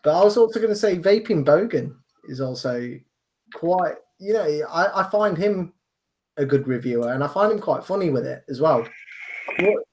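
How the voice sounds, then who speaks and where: A man from England giving his view in a casual panel chat, measured and hesitant with frequent ums. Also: fairly high pitch, expressive, darkish tone. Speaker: panel guest.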